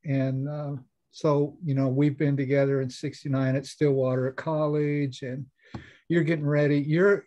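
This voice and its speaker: A man's voice: a little high, mellow. A man in his seventies interviewing a relative, asking questions in a hesitant, friendly way. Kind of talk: family interview.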